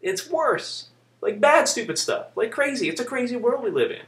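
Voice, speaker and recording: A man vlogging, ranting heatedly in an animated way and swearing casually. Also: very high voice, normal speed, reverberant. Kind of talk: ranting video blog.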